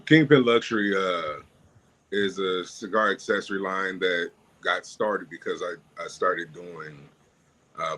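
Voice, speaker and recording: A man talking as a podcast guest, telling his business story in an animated way and often laughing. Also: sits low. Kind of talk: casual storytelling.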